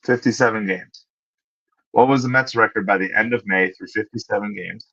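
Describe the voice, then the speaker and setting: Low-voiced man hosting a casual stream. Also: sharp tone, muffled recording. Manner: conversational, thinks aloud, pauses with fillers while looking things up. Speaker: livestream host. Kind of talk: casual livestream chat answering viewers.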